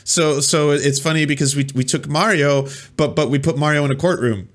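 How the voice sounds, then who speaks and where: A man's voice: fairly high pitch, fairly even intonation, a little fast. Sarcastic rambling male commentator. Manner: sarcastic, rambling, stumbling over repeated words. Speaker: host. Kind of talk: casual reaction commentary.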